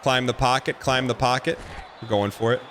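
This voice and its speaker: A man streaming a football video game, giving excitable running commentary and repeating phrases as he plays. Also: mid-range voice, moderate pace, slight background noise. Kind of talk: live gameplay commentary.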